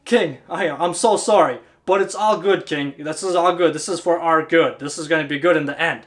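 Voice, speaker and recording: Give me a man playing a laid-back, cheerful servant, calm and reassuring. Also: fairly high pitch, moderate pace, natural voice. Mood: apologetic. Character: unflappable cheerful male servant.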